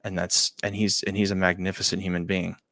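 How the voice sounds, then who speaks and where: A man hosting a talk show, telling a personal story in a halting, emotional way, often dropping to a quiet near-whisper and repeating his words. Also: sits low, flat delivery, dry recording. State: choked up. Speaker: show host.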